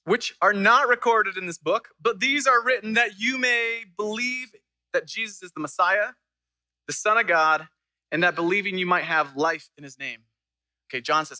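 A young man preaches with a high, very bright voice. He tells stories with lively energy and acts out the people he quotes. The sound is close and dry. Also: moderate pace, dry recording, rough recording. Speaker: pastor. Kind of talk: sermon.

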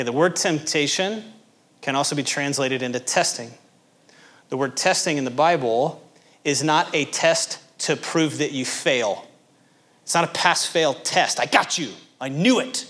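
Animated man preaching a sermon. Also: medium pitch. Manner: animated, acts out little scenes in character voices; addresses the congregation directly with questions. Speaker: pastor.

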